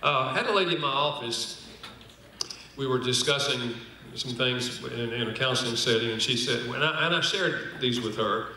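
At a conference, an older man of medium pitch and sharp tone talks at normal speed, teaching like a sermon with anecdotes. He dramatizes the quotes and jokes with the crowd. A distant mic records roomy hall sound with a little hiss or hum.

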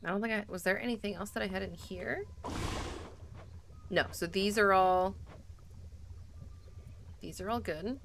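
A woman's voice: mid-range voice, a little slow, vocal fry, long pauses, a little hiss or hum. A young woman streaming a video game, chatty and giggly as she reacts to her chat. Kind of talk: live gameplay commentary.

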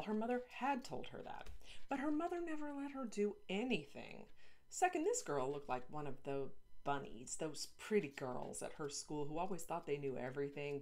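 A woman author reading her children's novel aloud in an expressive, playful narrating voice. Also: on the low side. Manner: lively, playful asides.

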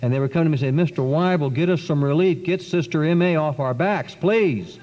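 A middle-aged man giving a religious testimony talk, telling his story with lively acted-out quotes. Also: fairly high pitch, brisk. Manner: animated storyteller, acts out quotes. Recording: dull 1990s recording in a reverberant hall.

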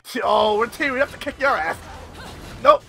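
A young man giving casual, excitable commentary while playing a video game, swearing and repeating lines from the game. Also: very high-pitched, normal speed, gravelly, soft background music, a faint crowd. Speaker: gameplay video host. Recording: loud game soundtrack behind.

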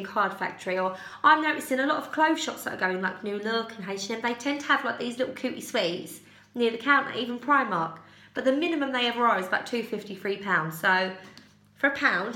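In an echoey room, a UK haul vlogger talks through her recent purchases in an easygoing way, wandering off track, fixing her own words and giggling. Her voice sits fairly high and comes across pushed and bright.

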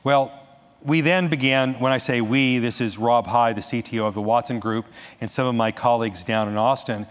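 On a conference stage, a man gives an animated talk, often restarting and tossing in quick asides. His pitch is middling, and a large hall's long reverb hangs on the sound.

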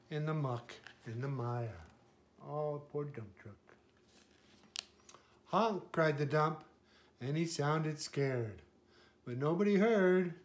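Slow, gentle older man reading a picture book. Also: fairly high pitch. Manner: gentle, pauses to point out pictures. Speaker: grandfather reading to a child.

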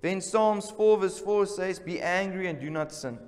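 A man's voice: high-pitched, a little slow, a little mellow. Man preaching in a reverberant church. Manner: emphatic, repeats key words, calls for responses. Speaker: pastor. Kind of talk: sermon. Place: church service.

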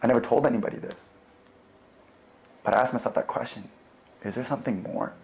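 A young man telling his faith testimony in a relaxed, conversational way, with fillers and replayed conversations. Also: medium pitch, brisk, vocal fry. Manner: animated, acts out both sides of remembered conversations. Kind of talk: personal storytelling.

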